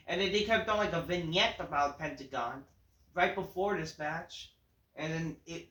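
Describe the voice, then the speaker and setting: A woman's voice: medium pitch, pushed and bright. A woman reviewing a wrestling show in a casual, profane rant full of fillers. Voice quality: casual, filler-heavy talk with lots of swearing. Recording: roomy echo.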